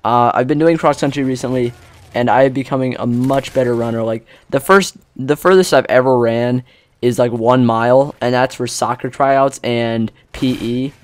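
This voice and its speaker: A man's voice: mid-range voice, steady tone, moderate pace, no echo. Teen guy gaming commentator, chatty storyteller, loose and rambling, acts out other people. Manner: rambling, filler-heavy, acts out quotes. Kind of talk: casual storytelling over gameplay.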